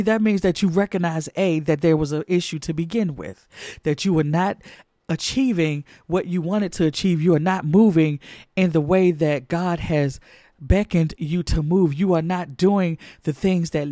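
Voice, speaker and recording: A man's voice: on the high side, mellow, no echo, clean studio sound. A man preaching a sermon, fervent and emphatic, repeating phrases for stress.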